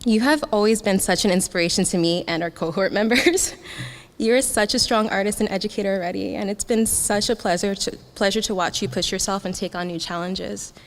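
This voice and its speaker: A young woman gives a graduation speech in a hall with a long, ringing reverb. She talks in a heartfelt way, with frequent small laughs. Her pitch sits in the middle for a woman. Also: a little hiss or hum. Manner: heartfelt, laughs often, gets emotional. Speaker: graduating student speaker.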